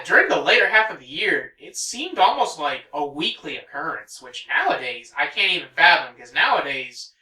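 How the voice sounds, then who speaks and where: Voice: medium pitch, bright, forceful tone, roomy sound, far from the mic, poor audio. A let's play host in their thirties, chatting casually over gameplay and wandering off on rambling tangents.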